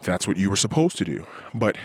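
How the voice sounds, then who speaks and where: A man in his thirties hosting a podcast, venting in a frustrated, profane monologue and mimicking others in a high voice. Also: big pitch swings, a little fast, husky. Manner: frustrated, ranting, swears often. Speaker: podcast host.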